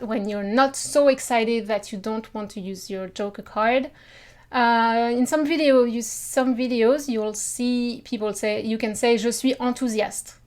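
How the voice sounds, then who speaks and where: French lady explaining stuff in a friendly chatty way, kinda high voice, french accent. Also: darkish tone. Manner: chatty, reassuring, mixes in French phrases. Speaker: language teacher. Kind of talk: casual video lesson.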